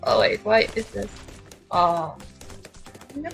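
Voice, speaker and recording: A woman's voice: medium pitch, lively intonation, normal speed, fairly bright tone, poor audio. A young woman streamer chatting casually while playing a video game, giggly and repeating words as she thinks. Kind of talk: casual gaming stream chat. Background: faint game music.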